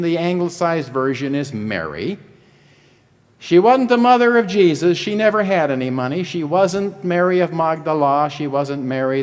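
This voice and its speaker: Dramatic male storyteller in a reverberant hall. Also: mid-range voice. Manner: vivid, dramatic narration with wide swings in loudness. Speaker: lecturer.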